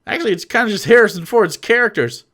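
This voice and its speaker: A man streaming, reacting to a clip with profane ranting commentary, laughing often and swinging from mumbles to shouts. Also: high voice, lively intonation, quick pace.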